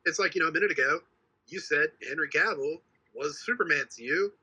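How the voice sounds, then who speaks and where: A man with a very bright, edgy voice and a husky grain, talking fast and heatedly as a podcast co-host. He swears freely and circles back over his points, his pitch sitting a little high. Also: lo-fi sound. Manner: heated, swears often, repeats himself. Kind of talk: casual chat.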